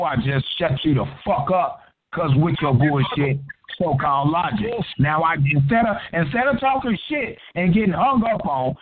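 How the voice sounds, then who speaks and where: A man hosting a call-in show, confrontational and profane, grilling a caller. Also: fairly high pitch. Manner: profane, combative, interrogating. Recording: tinny phone-line audio.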